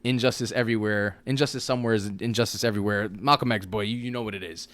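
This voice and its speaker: A man's voice: fairly low pitch, steady tone, fast, a bit bright. A man co-hosting a podcast in casual, slang-heavy chat, often asking "you know what I mean". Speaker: podcast co-host.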